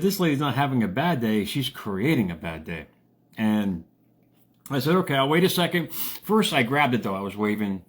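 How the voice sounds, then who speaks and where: A man chats to his listeners like a motivational host, telling stories in a loose, playful way. He jumps his voice up for quotes and punchlines. Faint hiss sits under his mid-pitched voice. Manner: animated, jokey, acts out quotes with big pitch jumps. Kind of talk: casual storytelling monologue.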